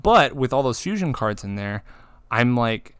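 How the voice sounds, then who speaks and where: Excitable swearing man, smooth dry voice. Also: medium pitch, a little slow, dry recording. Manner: excited, swearing, acts out card-game moments. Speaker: podcast co-host. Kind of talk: casual chat.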